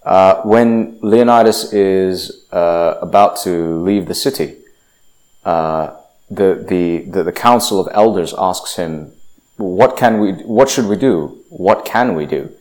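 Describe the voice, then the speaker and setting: A man with a very low voice gives a casual lecture. He stumbles through fillers and restarts, then punches out the lines he quotes. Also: slow pace, darkish tone.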